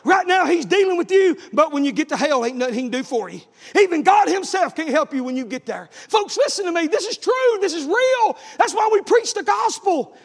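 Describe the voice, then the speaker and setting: A middle-aged man, preaching a revival sermon in a church, shouting his stories fervently. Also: very high-pitched, very animated, a little fast, hardly any pauses, big-room sound.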